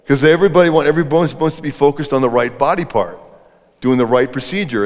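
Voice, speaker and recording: A middle-aged man speaks to an audience in an event hall, relaxed and conversational, often turning to ask the room questions. His voice sits at a middle pitch. Long reverb from the hall trails each phrase. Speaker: speaker on leadership. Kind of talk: interactive live talk to an audience.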